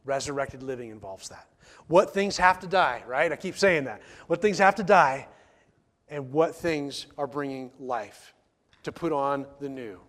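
A man's voice: mid-range voice, lively intonation, a little slow, fairly bright tone. A man preaching a sermon in church, emphatic, repeating key phrases and asking the congregation rhetorical questions. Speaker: pastor.

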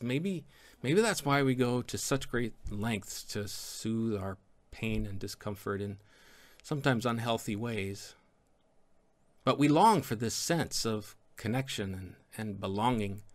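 A male pastor delivers a sermon with lively, animated energy and playful asides to the congregation. His voice sits at a middling pitch.

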